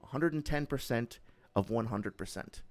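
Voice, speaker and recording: A man's voice: moderate pace, close to an everyday voice. A man putting on the voice of an overexcited male sports announcer, rattling off hyped, repetitive clichés. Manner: booming, hyped, repetitive cliché-laden patter.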